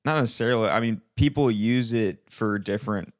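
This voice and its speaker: A man's voice: lowish voice, brisk, no echo, studio quality. A young man co-hosting a podcast in casual chat, talking animatedly and often restarting his sentences. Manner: animated, restarts mid-sentence, critiquing a church band clip. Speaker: podcast co-host.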